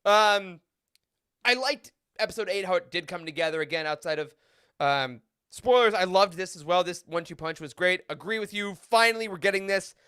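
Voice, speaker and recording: A man hosts a laid-back podcast roundtable with real enthusiasm, laughing often and breaking into animated asides. His voice sits high and bright. The sound is dry, with no room echo. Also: moderate pace, clean tone. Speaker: podcast host.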